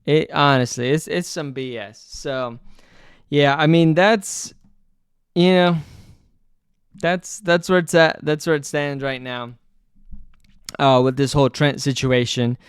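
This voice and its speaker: A man's voice: a little high, fairly even intonation, slow, pauses often, clear, resonant tone, no echo, clean studio sound. A man giving casual, profane, exasperated commentary as a football vlogger, rambling with fillers.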